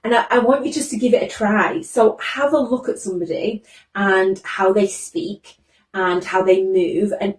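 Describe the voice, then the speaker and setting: A woman with a British accent giving a training talk to teachers. She is naturally excitable, talks fast and runs loud. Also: medium pitch, reverberant, distant mic. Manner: excitable, fast-talking and loud by own account. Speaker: behaviour trainer.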